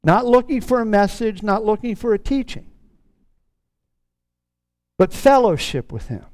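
A middle-aged man preaching a sermon in an earnest tone, stretching out key words slowly for emphasis. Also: high voice, animated, a little mellow, no echo. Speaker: pastor.

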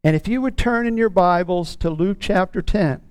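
A middle-aged man preaching a sermon in an earnest tone, stretching out key words slowly for emphasis. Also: high-pitched, darkish tone, clean tone, dry recording. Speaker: pastor.

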